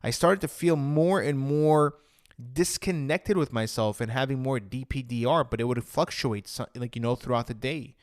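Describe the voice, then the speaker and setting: A man's voice: medium pitch, moderate pace, no echo, studio quality. Man telling his own story emotionally. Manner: emotional, re-enacting his own past words loudly; repetitive "I'm like" storytelling. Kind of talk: personal storytelling to camera.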